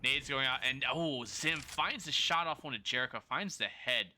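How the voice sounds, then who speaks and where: A man with a pushed, bright, medium-pitched voice casts a competitive shooter match by himself, with a little hiss or hum in the audio. He rattles off play-by-play with a sore throat, corrects himself as he goes, and chats with viewers when rounds end.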